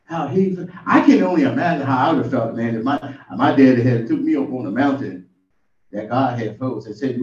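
A man's voice: mid-range voice, brisk, a little mellow. A man preaching an informal sermon in a folksy storytelling way, building up to exclamations. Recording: distant, echoey, muffled room recording.

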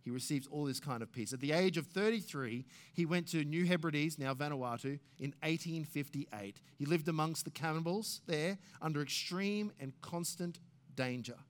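A man preaching a sermon, reading scripture aloud with rising force and dropping soft and low to drive points home. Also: moderate pace. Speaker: pastor.

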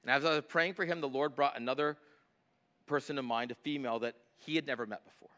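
A middle-aged male pastor preaching a sermon, emphatic on scripture and quieter when telling personal stories. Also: mid-range voice, fairly even intonation, quick pace.

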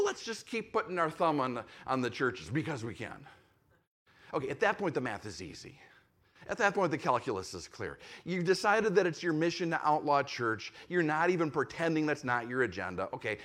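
Man preaching, slightly high voice. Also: fairly bright tone. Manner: conversational preaching, voices imagined objections; repeats phrases for emphasis. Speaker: pastor. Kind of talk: sermon.

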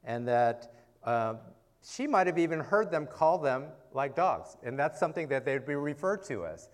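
A man teaches the Bible in a casual, conversational preaching style, regularly checking in with "okay" and "right?" and posing rhetorical questions. His voice is fairly high and very animated, at a normal speed.

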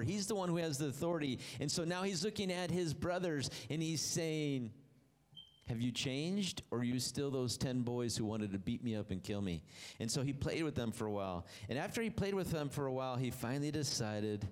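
A man delivering a sermon to a congregation at a medium pitch. His storytelling is animated, and his voice swings up high and then sinks low to stress his points. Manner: animated storytelling, voice rising and dropping low for emphasis. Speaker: preacher.

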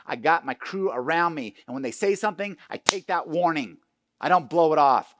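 A man preaching a sermon as pastor, telling a personal story, dropping to hushed tones and rising to loud, fervent appeals. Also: medium pitch, no echo.

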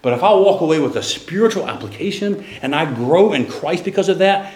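A man's voice: fairly high pitch, animated, fairly quick, few pauses, darkish tone, echoey room. A middle-aged man, a pastor preaching a sermon and telling a personal story in a loose, conversational way with restarts. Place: church sanctuary.

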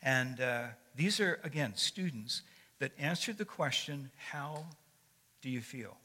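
An older man preaches as a guest speaker in a church sanctuary, telling stories conversationally with frequent fillers and restarts. His medium-pitched voice is animated, unhurried, bright, and forceful, with the long echo of a large hall.

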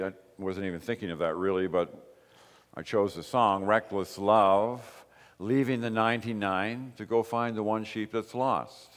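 A man preaching a sermon as pastor, slow and emphatic, with repeated short phrases. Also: on the low side, long reverb tail. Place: church.

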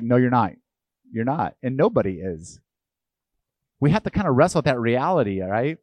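A middle-aged man preaches to his congregation in a conversational sermon, often slipping into quick acted-out voices. His pitch sits in the middle range for a man. The sound is dry and close, with almost no room echo. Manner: conversational and animated, acting out quoted voices. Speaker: pastor.

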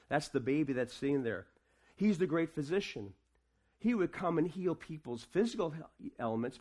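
A man preaching a sermon to his congregation, asking them questions and swinging between quiet, casual asides and raised proclamation. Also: medium pitch. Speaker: pastor.

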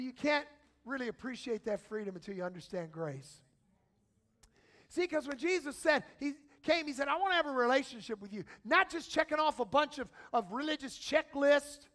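A man preaching a sermon as pastor, moving from quiet, slow passages to shouted calls to the congregation. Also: sits high.

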